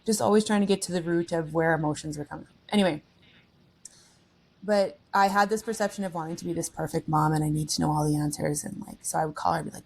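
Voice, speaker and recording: Gravelly low-voiced woman, reflective. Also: quick pace, darkish tone. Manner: reflective, earnest storytelling. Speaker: podcast co-host. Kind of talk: casual chat.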